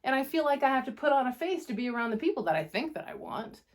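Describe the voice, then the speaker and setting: A woman giving a casual tarot reading to camera, blunt and passionate, swearing freely and talking in quick bursts. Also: sits high, sing-song. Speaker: tarot reader.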